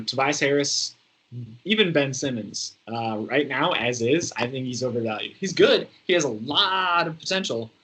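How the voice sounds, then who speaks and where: Guy co-hosting a sports pod, kinda husky voice, thinks out loud, keeps saying i dont know. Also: mid-range voice, low-quality recording. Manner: hedging, thoughtful, says "I don't know" often. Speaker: podcast co-host. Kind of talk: casual sports chat.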